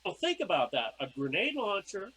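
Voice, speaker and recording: A man's voice: high-pitched, wildly swooping pitch, normal speed, bright, forceful tone, breathy edge, low-quality recording. A middle-aged man, a podcast guest, telling casual stories and acting out his own past lines. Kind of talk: casual storytelling.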